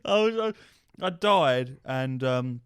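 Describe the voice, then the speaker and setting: Animated, swearing podcast host. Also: male voice, mid-range voice, slow, clean tone, no room sound, clean studio sound. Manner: animated anecdote-telling, swears freely, acts out shouting. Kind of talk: casual chat, storytelling.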